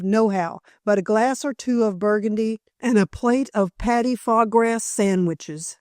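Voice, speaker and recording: A woman's voice: mid-range voice, a little mellow, no room sound, studio quality, natural voice. A woman voicing a rosy-faced, bossy little old housekeeper with rustic country speech.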